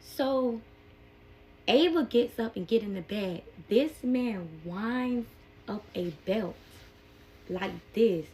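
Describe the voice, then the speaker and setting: A young adult woman telling a personal story in a casual storytime vlog, animated and emotional, with plenty of slang. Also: fairly high pitch, slow pace, a little hiss or hum.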